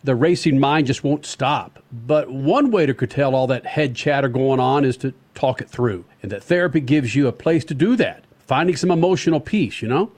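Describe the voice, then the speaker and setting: A man hosting a motorsports radio show, joking and laughing as he banters with his co-hosts. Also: a little high. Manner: joking, laughs often, talks in bursts. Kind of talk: casual sports radio banter.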